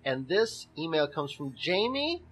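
A man's voice: on the high side, very animated, unhurried, fairly bright tone, breathy edge, faint music behind, low-quality recording. A man from Missouri co-hosting a podcast, chatting casually and joking around with playful teasing. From Missouri, USA. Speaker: podcast co-host. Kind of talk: casual chat.

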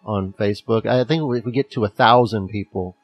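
A man's voice: on the low side, steady tone, brisk, no room sound, soft background music. A man with a Midwestern accent co-hosting a podcast in casual, joking chat, laughing often. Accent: American Midwestern. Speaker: podcast co-host.

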